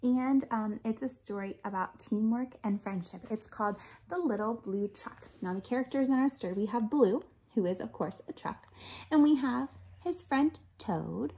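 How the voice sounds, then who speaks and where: Reading a picture book to children, a woman with a higher-leaning voice keeps a moderate pace. She is animated and expressive, asks the listeners questions, and at times lowers her voice to a whisper.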